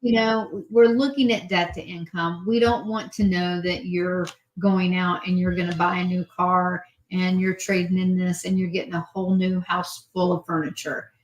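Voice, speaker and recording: A woman's voice: fairly low pitch, moderate pace, few pauses, poor audio. Woman mortgage lender, easygoing. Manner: relaxed, conversational, quotes clients. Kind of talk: casual chat.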